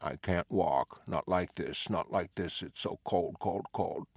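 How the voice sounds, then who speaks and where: A man voicing a troubled male asylum patient who mutters the same complaint over and over, softly and slowly. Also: deep voice, breathy edge, dry recording, studio quality, full character voice. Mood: mumbling fixated. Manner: mumbling, repetitive, subdued.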